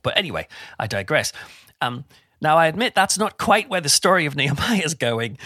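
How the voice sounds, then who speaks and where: A middle-aged man giving an informal Bible talk in a chatty, animated way with self-deprecating humour. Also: mid-range voice, no room sound, clean studio sound. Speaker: preacher.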